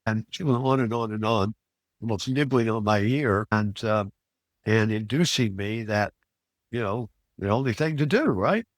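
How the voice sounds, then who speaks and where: An older man from Missouri telling a personal story in a casual, halting way, with many fillers and restarts. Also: lowish voice, no room sound, clean studio sound. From Missouri, USA. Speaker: private investigator podcast host.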